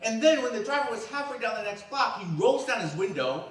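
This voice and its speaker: A man from New York performing a comic storytelling monologue in an animated, playful way, acting out the people in his stories. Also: very high voice, fairly quick. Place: event hall. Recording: echoey hall, distant mic.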